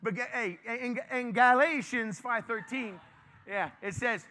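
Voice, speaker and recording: Bright, high-voiced preaching man. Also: measured pace. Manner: lively, conversational, joking with the congregation. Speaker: pastor. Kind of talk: informal sermon to a congregation.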